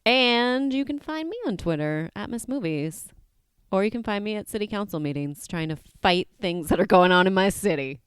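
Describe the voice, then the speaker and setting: A woman's voice: medium pitch, lively intonation, normal speed, clear, resonant tone, no room sound, clean studio sound. A woman co-hosting a casual movie podcast, chatty and giggly as she reads listener picks. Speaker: podcast co-host.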